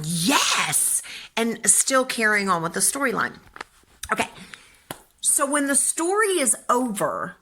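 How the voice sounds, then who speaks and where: An older woman, a children's book author and grandmother, telling a lively story in casual talk and acting out voices as she goes. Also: on the high side. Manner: animated, chatty, acts out voices.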